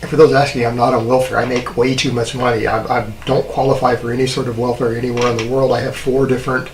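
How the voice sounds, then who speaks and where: A man's voice: mid-range voice, flat delivery, fast talker, a little hiss or hum. A man speaking to camera in a rambling, defensive monologue, sarcastic and full of fillers. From Texas. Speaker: fitness YouTuber.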